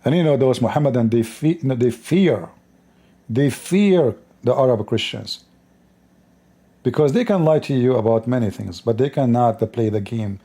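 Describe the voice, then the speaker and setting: Man, call-in host, mellow husky voice, mocking and emphatic. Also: mid-range voice, normal speed. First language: Arabic. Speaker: host of a call-in debate show. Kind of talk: combative live-stream commentary.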